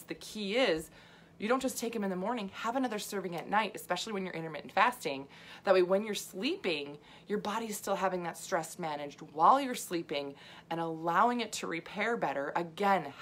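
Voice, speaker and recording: A woman's voice: lowish voice, fairly bright tone. A middle-aged woman health coach talking casually to viewers, chatty and full of asides and fillers, laughing often. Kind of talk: casual livestream talk.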